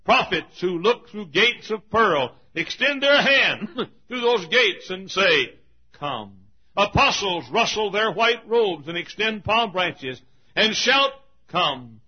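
Man, preacher, husky voice, dramatic rhythmic sermon, dull lo-fi pulpit recording. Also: lively intonation, measured pace. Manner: dramatic, swinging from ringing shouts to hushed low tones; repetitive rhythmic preaching with chuckles. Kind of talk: evangelistic sermon. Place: church pulpit.

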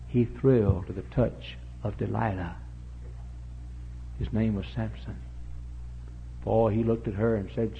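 A middle-aged pastor preaching a revival sermon, dropping to low murmurs and then rising to shouted, high-pitched cries. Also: male voice, unhurried, gravelly, long pauses. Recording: dull lo-fi sermon recording.

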